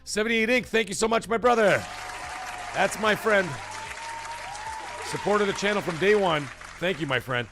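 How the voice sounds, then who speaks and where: A man hosting a live gaming talk show, chatting casually and thanking viewers from chat in a rambling, animated way. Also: high-pitched, normal speed, pauses often, music in the background, crowd noise. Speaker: livestream talk show host.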